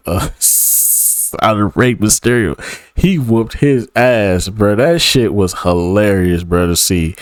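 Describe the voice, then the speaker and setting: A man's voice: mid-range voice, no room sound, studio quality. A man reacting casually to a wrestling video, with slangy, laughing asides. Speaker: reaction streamer.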